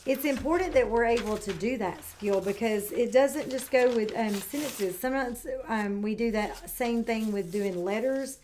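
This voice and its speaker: A woman teaching kindergarten and reading a picture book aloud, who models words clearly and praises the children warmly. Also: fairly high pitch, moderate pace, hardly any pauses, slight background noise. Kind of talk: read-aloud lesson for young children. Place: home, indoors.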